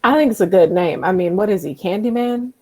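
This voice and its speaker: A woman's voice: mid-range voice, brisk, a little mellow. A woman in her thirties playing a tabletop role-playing game, bold and bantering. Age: 30s. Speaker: player. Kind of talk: casual tabletop game chat.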